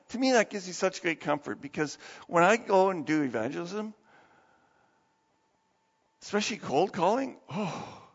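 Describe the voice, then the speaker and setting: Animated high-voiced male pastor preaching. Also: creaky, in a large hall, muffled recording. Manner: animated, acts out quoted voices. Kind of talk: sermon.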